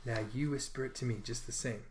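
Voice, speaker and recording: A man's voice: sits high, lively intonation, fairly quick, a bit bright, a little hiss or hum. A man voicing an eager, boastful young schoolboy in a storybook reading, wheedling and keen.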